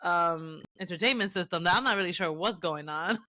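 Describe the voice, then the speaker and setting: A woman co-hosting a podcast, chatting casually and telling animated stories with lots of laughter. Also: fairly low pitch, fairly quick, dry recording. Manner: animated storyteller who laughs often. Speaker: podcast co-host. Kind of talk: casual chat.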